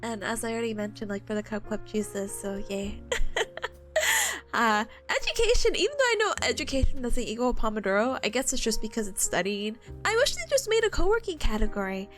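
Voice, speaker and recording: A woman's voice: fairly high pitch, sing-song, brisk, a bit bright. A young adult woman streaming and chatting casually with her viewers, rambling and laughing often between emotional asides. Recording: faint music behind the voice.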